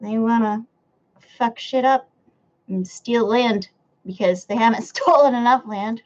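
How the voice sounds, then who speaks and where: A woman from the United States is live-streaming from home, sitting in a room near a window, chatting casually as she reads her chat aloud and often swearing and laughing. Her voice sits on the high side, unhurried and somewhat dark in tone, and the recording sounds muffled.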